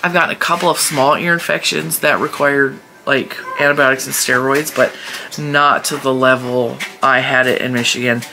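A woman's voice: rumbling low, fairly even intonation, moderate pace, background noise. A woman vlogging casually at her desk, chatty and rambling with frequent laughs, sounding stuffy from allergies. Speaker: crochet channel vlogger. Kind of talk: casual chat vlog.

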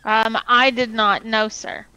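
A woman's voice: on the high side, steady tone, slow, pushed and bright, smooth, poor audio. A woman in a roleplay game, chatting politely and agreeably. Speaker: roleplay player. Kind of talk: polite in-character roleplay chat.

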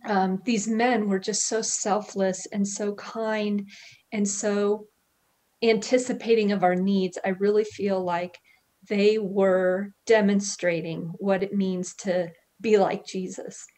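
Woman, earnest, heartfelt, soft laughs, mid pitch, video call audio. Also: little pitch movement, slow pace. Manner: earnest, heartfelt, laughs softly between thoughts. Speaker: guest. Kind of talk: personal faith testimony.

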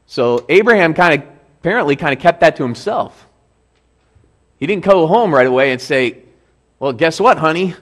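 A man's voice: on the high side, animated, moderate pace, long pauses. Male pastor, casual teaching sermon, reads scripture with emphasis. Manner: conversational explaining, reads scripture aloud with emphasis. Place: church.

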